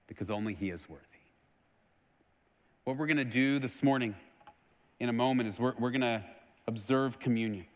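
Texas-raised pastor preaching in a reverberant hall. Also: male voice, normal speed, pauses often. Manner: earnest preaching that swells loud then drops low and soft. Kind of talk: sermon. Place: church sanctuary.

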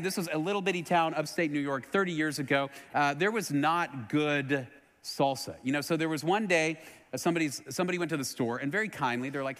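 Texas-raised pastor preaching in a reverberant hall. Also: male voice, a little fast. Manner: earnest preaching that swells loud then drops low and soft. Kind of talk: sermon. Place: church sanctuary.

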